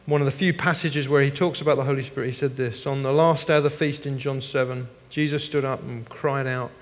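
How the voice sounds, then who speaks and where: A middle-aged man preaching a sermon as pastor, moving between hushed, earnest passages and animated, laughing stories. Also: medium pitch, brisk. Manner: animated storytelling with laughs and shifts from hushed to loud. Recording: long hall reverb.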